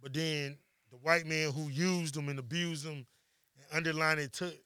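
Podcast dude clowning his friend, bright voice, dry close mic. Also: a little high, moderate pace, clean tone, dry recording. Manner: teasing, animated, breaks into excited jokes. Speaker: podcast co-host. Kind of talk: casual chat.

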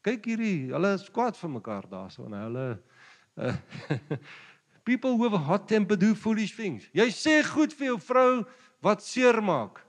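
A man with a South African Afrikaans accent preaching a sermon, jovial and quick to chuckle between points. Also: high-pitched, big pitch swings, big-room sound. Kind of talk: sermon mixing Afrikaans and English.

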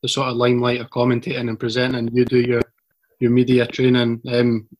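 Flat-voiced male interviewer. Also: medium pitch, lo-fi sound. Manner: halting, restarting questions. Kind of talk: casual interview.

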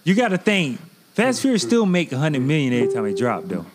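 Animated man with a lively voice. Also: on the high side. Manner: animated, laughing, drawn-out emphasis. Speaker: podcast co-host. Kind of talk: casual chat.

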